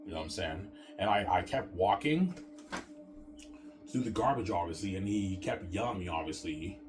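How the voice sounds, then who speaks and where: A man's voice: deep voice, expressive, normal speed, over music. A man in a casual rant to his viewers, rambling and stammering, repeating the same filler words and swearing often. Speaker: vlogger.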